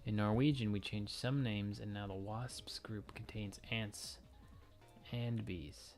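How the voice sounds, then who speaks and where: A man's voice: lowish voice, fairly even intonation, takes it slowly, a little mellow. A young man from Ontario, Canada, streaming and chatting casually with viewers, rambling and joking as he answers questions. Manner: rambling, self-interrupting, joking with chat. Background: faint music.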